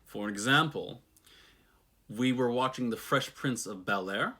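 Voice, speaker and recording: A man's voice: medium pitch, unhurried, sharp tone. A man telling a story from his own life in a thoughtful, reflective way, with the odd wry aside. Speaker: personal storyteller. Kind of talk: reflective personal storytelling monologue.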